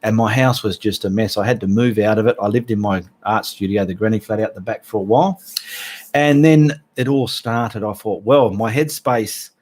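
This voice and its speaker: A man's voice: lowish voice, moderate pace, a little mellow. A middle-aged Australian man hosting a casual livestream, chatting in a rambling way and greeting viewers by name. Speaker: livestream host.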